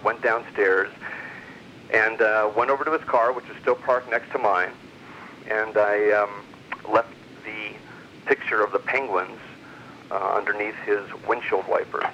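A middle-aged man spins a rambling personal story full of fillers and restarts. His voice sits a little low but carries a bright, forward edge. The recording is muffled and lo-fi, with a faint hiss underneath. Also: fairly even intonation, a little slow, long pauses. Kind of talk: casual storytelling.

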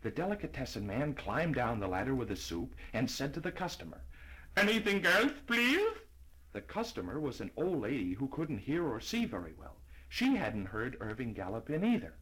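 A man reading a children's storybook aloud in a lively, expressive way. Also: medium pitch, a little fast, few pauses, slightly rough, low-quality recording. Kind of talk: storybook narration.

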